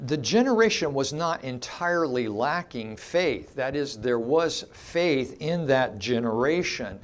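A middle-aged man preaching an expository sermon, teaching emphatically and asking rhetorical questions of his listeners. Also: medium pitch.

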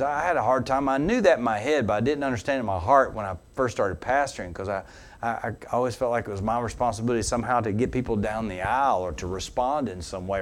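A man preaching as a pastor. He tells an anecdote with animated energy, then turns low and earnest for the teaching. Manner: animated storyteller who laughs along with his own anecdote. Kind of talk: sermon storytelling.

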